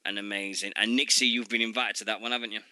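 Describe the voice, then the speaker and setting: A man hosting a casual radio show, reading event listings in a halting way full of fillers and asides. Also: fairly low pitch, fairly even intonation, pushed and bright, dry recording.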